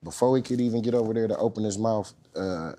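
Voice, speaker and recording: A man's voice: fairly low pitch, fast talker, dark tone. Laid-back man telling a story. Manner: laid-back, slangy, swears, keeps asking "you know what I mean". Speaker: guest. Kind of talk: casual storytelling.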